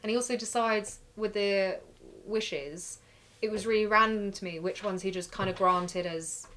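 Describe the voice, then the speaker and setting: A woman's voice: mid-range voice, moderate pace, bright, forceful tone, slight background noise. Woman, podcast co-host, critical, questioning. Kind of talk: casual film review chat.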